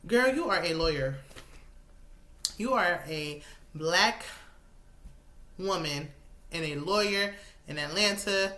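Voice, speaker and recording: A woman, casually recapping a reality show with sassy, animated asides. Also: fairly low pitch, slow pace, pauses often. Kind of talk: casual chat.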